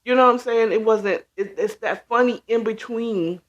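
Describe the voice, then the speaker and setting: A man's voice: high-pitched, normal speed, a bit bright, dull audio. A middle-aged man from the Washington, D.C. area hosting a casual livestream chat, rambling and talking straight to his viewers with plenty of ums. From Washington, D.C. area (born in D.C., raised in Maryland). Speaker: host.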